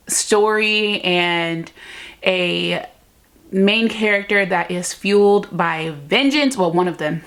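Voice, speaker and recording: A woman's voice: mid-range voice, a bit bright. A woman chatting casually in a book vlog, effusive and gushing, full of "like" fillers. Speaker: book vlogger. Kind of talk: casual reading vlog chat.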